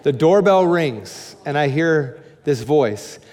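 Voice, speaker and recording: Brief: high-pitched male pastor, lively candid sermon storytelling, voice ringing in a long hall reverb. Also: takes it slowly. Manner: animated, candid, jumps to high excited shouts.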